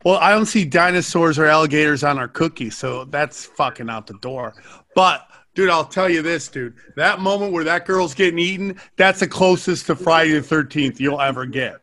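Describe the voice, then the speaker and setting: A man's voice: on the high side, normal speed, sharp tone. A man in his forties bantering in casual talk, jokey and profane, with pop-culture quips. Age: 40s.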